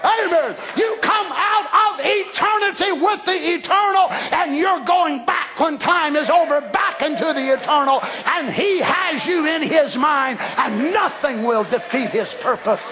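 A man preaching a sermon in a fiery, emphatic way, often raising his voice to a shout. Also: very high voice, unhurried, hardly any pauses, a crowd in the background.

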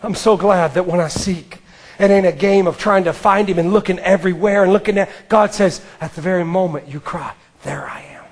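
High-voiced man preaching with fervor. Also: a little fast. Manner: swings from ringing declarations to hushed near-whispers, heavy repetition. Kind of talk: impassioned sermon. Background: faint music.

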